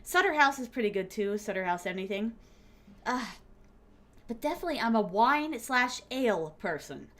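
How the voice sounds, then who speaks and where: A woman's voice: fairly high pitch, animated, moderate pace, a bit bright. A young adult woman streaming a game, chatting casually with viewers in a bubbly, giggly way, full of fillers and sudden squeals, calling her audience pet names. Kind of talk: casual chat while gaming.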